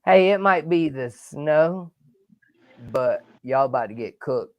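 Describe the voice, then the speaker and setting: A man hosting a live sports talk show, energetic and rambling, with loud outbursts. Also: a little high, takes it slowly, no room sound, lo-fi sound. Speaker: podcast host.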